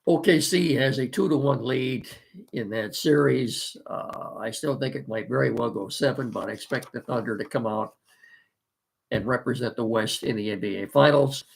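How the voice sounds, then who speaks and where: Congested, gravelly-voiced male sports host. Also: medium pitch, moderate pace. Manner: folksy, rambling, frequent uh fillers. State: congested and coughing from allergies. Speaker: sports talk show host. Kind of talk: casual solo sports talk.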